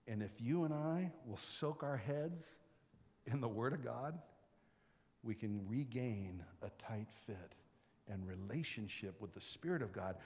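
A man preaching a sermon, telling the story with dramatic swings from loud and excited to quiet and whispered. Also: medium pitch, big-room sound.

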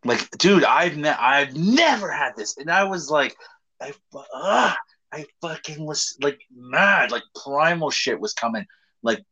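A man's voice: a little high, animated, measured pace, bright, forceful tone. A man in casual chat, telling stories animatedly, acting out quotes and swearing often.

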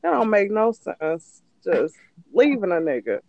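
A young woman in casual chat, telling a teasing story loudly with acted quotes. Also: mid-range voice, big pitch swings, a little slow, gravelly, muffled recording, very noisy.

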